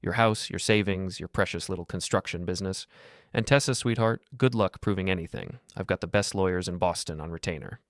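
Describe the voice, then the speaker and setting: A man voicing an arrogant, smooth-talking lover with a smug, taunting manner. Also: sits low, brisk, dry recording, studio quality.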